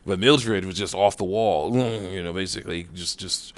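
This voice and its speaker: A man's voice: low-pitched, normal speed, dry recording. A man giving a casual cartoon review, rambling with lots of fillers and chuckles.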